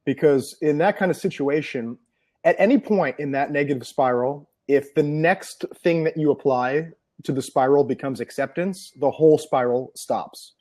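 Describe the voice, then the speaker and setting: A man's voice: on the high side, moderate pace, darkish tone. A man being interviewed as an NLP trainer, explaining ideas earnestly and piling up examples.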